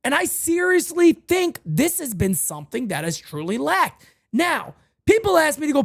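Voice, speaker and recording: A man's voice: very high voice, huge pitch swings, moderate pace, creaky. A man hosting a sports talk show, ranting emphatically and repeating phrases for weight. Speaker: podcast host.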